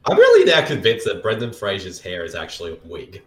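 A man's voice: low-pitched, wildly swooping pitch, brisk, reverberant. A man co-hosting a casual movie commentary chat, joking and laughing through his own fumbled jokes. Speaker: podcast co-host.

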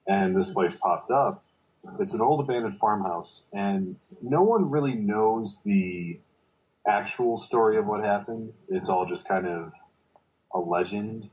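Male podcast co-host, very low voice, hesitant storyteller, dull recording. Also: unhurried. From United States. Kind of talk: casual chat.

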